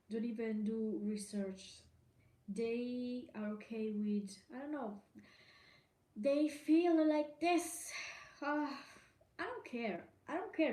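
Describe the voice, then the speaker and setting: A woman's voice: mid-range voice, dark tone. A woman hosting a solo podcast, talking in an indignant, emphatic way, swearing freely and repeating herself. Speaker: podcast host.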